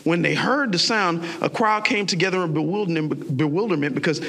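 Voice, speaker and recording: A young male pastor from South Florida, preaching an animated sermon and putting on voices for the characters he describes. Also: on the high side, fairly quick, vocal fry.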